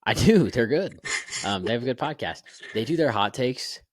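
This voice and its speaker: A man's voice: mid-range voice, lively intonation, normal speed, a loud crowd. A young man co-hosting a casual sports podcast over a video call, rambling with fillers and restarts. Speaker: podcast co-host.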